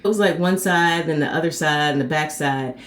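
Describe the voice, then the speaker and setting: Woman, low-pitched voice, host, personal storytelling, chatty, animated. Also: a little fast. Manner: animated, acts out quoted people with sharp pitch jumps; chatty and conversational.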